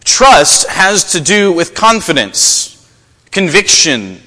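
A man preaching a sermon to a congregation, telling stories in an animated way. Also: takes it slowly, long reverb tail. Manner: animated storytelling, rising pitch in acted quotes. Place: church.

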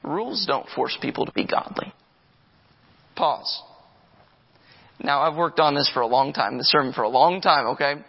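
A pastor with a slightly high voice and vocal fry preaches fast, barely pausing. He's emphatic and repetitive, driving his point home with vivid stories. The recording sounds dull and carries a long reverb.

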